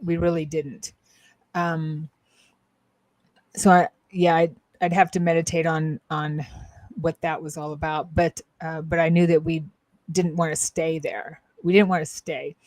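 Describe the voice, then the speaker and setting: A slightly low-pitched woman co-hosts a casual spiritual talk show, speaking as a psychic-medium. She rambles and hesitates, stopping and restarting her sentences, with a dry, close sound. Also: level tone, a little slow, darkish tone, no room sound.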